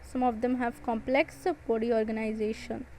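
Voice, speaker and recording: A woman's voice: a little high, little pitch movement, normal speed, mellow, slight background noise, poor audio. A woman with an Indian English accent giving an exam-prep biology lecture, repeating and stressing key points. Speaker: biology teacher.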